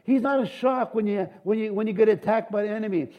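At a quick pace, a high-voiced middle-aged pastor preaches with lively animation. He punctuates the sermon with cheers and amens and drops jokes between his points.

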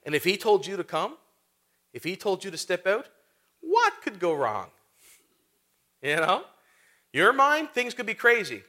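Bright-voiced preacher, man. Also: high-pitched, huge pitch swings, a little slow, pauses often. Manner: conversational, with rhetorical questions and fillers. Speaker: pastor. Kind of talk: sermon.

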